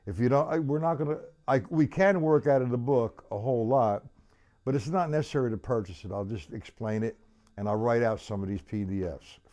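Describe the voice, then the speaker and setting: Over the loud sound of a drum kit, a man with a medium-pitched, slightly fast voice runs a livestreamed drum lesson. He keeps it loose and chatty, counting the beats out loud while playing.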